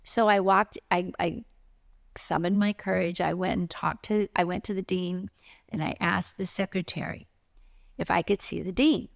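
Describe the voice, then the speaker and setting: Middle aged woman telling her life story, kinda gravelly voice, does all the voices, dry close mic. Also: lowish voice, moderate pace, no room sound. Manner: animated storyteller, acts out voices in quotes. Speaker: spiritual teacher and author. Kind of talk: personal storytelling monologue.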